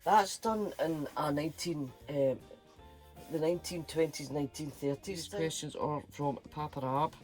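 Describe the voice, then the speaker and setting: A man's voice: on the high side, normal speed, soft background music. A middle-aged man with a Scottish accent, chatting casually and playfully to his vlog viewers in a rambling way. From Scotland. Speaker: channel host.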